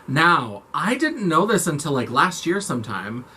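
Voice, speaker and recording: A man chatting to camera about makeup and creators, animated and campy in manner. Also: on the high side, normal speed, a little hiss or hum. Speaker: makeup vlogger. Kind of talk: casual chat to camera.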